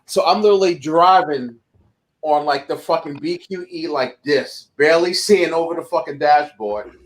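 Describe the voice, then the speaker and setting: A man, a guest wrestler telling a profane, animated story in a shoot interview. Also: on the high side, moderate pace, rough recording.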